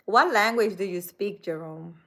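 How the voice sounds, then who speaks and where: A woman spiritual reader chatting casually on a live stream, soft-spoken and hesitant as she answers comments. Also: mid-range voice, normal speed.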